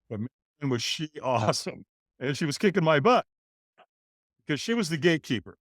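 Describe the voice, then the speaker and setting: A man in his sixties, a podcast guest, telling his life story in a lively way and acting out the voices of people in it. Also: mid-range voice, no room sound, studio quality. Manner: animated, acts out voices in his stories. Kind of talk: storytelling interview.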